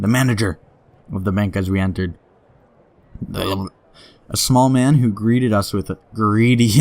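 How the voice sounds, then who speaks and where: A man's voice: on the low side, darkish tone. Giggly man reading game text aloud. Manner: giggly, laughs often while reading; reads story passages slowly, then mutters quick asides. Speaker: let's play gamer.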